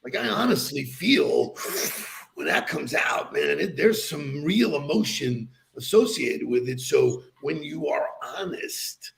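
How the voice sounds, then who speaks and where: A man's voice: fairly high pitch, sing-song, measured pace, creaky. A man co-hosting a podcast in casual chat, playful and laughing often. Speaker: podcast co-host.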